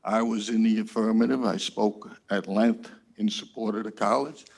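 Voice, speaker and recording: A man's voice: on the low side, fairly even intonation, normal speed, gravelly, darkish tone. A man with a Bronx accent, a county legislator, recounting committee procedure step by step at a public session, with fillers and light jokey asides. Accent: New York City (Bronx). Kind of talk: floor remarks at a public session. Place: legislative chamber.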